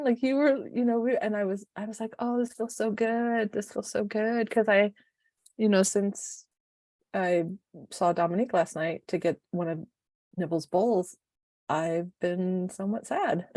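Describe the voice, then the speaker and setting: A middle-aged woman who is a life coach and podcast co-host, talking in an emotional, expressive, rambling way. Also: medium pitch, no room sound, clean studio sound. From United States. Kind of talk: casual podcast chat.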